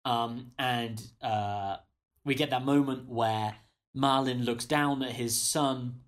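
A man's voice: medium pitch, steady tone, takes it slowly. A man co-hosting a casual film chat, agreeable and recapping the plot steadily. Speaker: podcast co-host.

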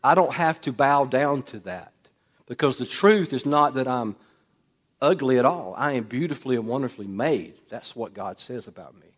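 A man preaching a sermon in a church, swinging between loud bursts and hushed, quiet lines. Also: mid-range voice, lively intonation, moderate pace. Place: church sanctuary. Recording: long hall reverb.

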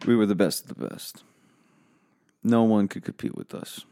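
A man's voice: on the low side, moderate pace, warm tone, no echo, clean studio sound. A man giving a profane comedic rant, weary and bitter, flaring into angry outbursts.

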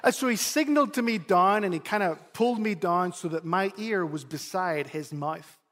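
High-voiced male pastor in an echoing hall. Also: normal speed. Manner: animated storytelling, repeats words when emphasizing. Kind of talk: sermon with a personal story.

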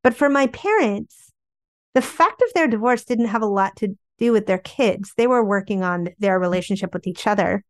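A woman author telling candid family stories in an interview, chatty and animated, often saying "like". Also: medium pitch, normal speed, no echo, clean studio sound. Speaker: memoir author guest.

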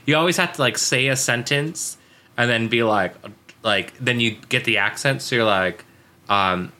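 A man's voice: mid-range voice, normal speed. A man co-hosting a podcast, recapping a cartoon episode in casual, jokey chat and acting out lines. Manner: animated, jokey, acts out lines. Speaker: podcast co-host.

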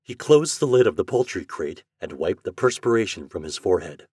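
A man narrating an old holiday story aloud in an expressive, lively manner. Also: lowish voice, fairly quick, few pauses, slightly rough, dry recording, studio quality. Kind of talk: storybook reading.

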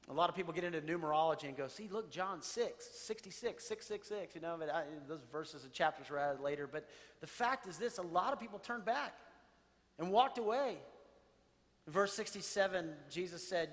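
A man's voice: sits high, animated, fairly quick, fairly bright tone. A man preaching a sermon, reading scripture and animatedly acting out the voices of the crowd. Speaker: pastor. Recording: long hall reverb.

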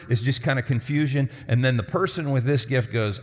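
A man's voice: on the high side, normal speed, hardly any pauses, a bit bright. A man preaching a sermon as lead pastor, talking in a conversational, storytelling way and acting out the people in his stories. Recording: long hall reverb.

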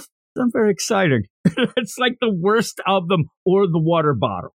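Man co-hosting a casual review chat; sarcastic, mimics characters, lively and a bit high. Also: moderate pace, dry recording. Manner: sarcastic, acts out characters' lines in exaggerated voices. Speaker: podcast host reviewing an anime.

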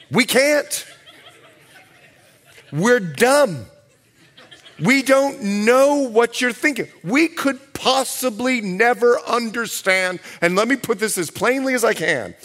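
A man's voice: very high-pitched, fairly bright tone. A middle-aged male pastor preaching a sermon with humorous stories, acting out bits of dialogue.

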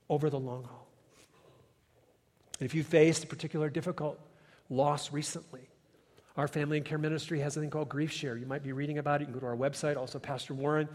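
A male pastor delivering a sermon in a church, moving from quiet asides to rising, emphatic preaching. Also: fairly high pitch. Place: church sanctuary. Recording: long reverb of a large hall.

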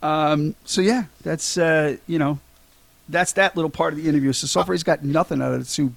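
Gravelly man rambling through a film recap. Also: on the high side, fairly even intonation, brisk, no echo. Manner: rambling, many ums and restarts. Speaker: podcast co-host recapping a film. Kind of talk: casual chat.

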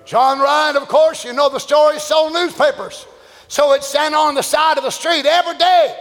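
A man preaching a fervent, shouted revival sermon, chanting repeated praises. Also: very high-pitched, steady tone, moderate pace. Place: church. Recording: long church reverb with congregation.

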